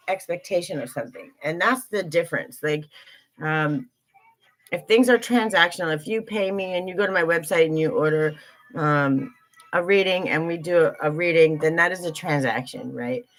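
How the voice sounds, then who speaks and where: Woman, lowish voice, earnest, emotional, casual swearing, live stream host. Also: normal speed. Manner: earnest, emotional, swears casually, greets viewers mid-talk. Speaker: livestream host, intuitive reader.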